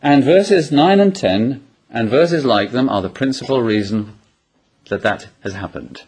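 A man preaches a sermon in a husky, slightly breathy voice. His pitch moves lively up and down as he builds each point. He keeps turning to his listeners with rhetorical questions and homely personal anecdotes. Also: a little slow. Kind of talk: expository sermon.

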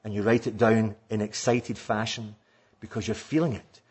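Husky-voiced man preaching fervently. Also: fairly low pitch, level tone, moderate pace, darkish tone. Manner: earnest, fervent exhortation. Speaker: pastor. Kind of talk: sermon-style teaching to preachers.

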